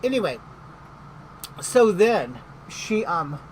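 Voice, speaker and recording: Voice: mid-range voice, sing-song, takes it slowly, a little hiss or hum, rough recording. A middle-aged vlogger telling a story in casual chat, gossipy and indignant.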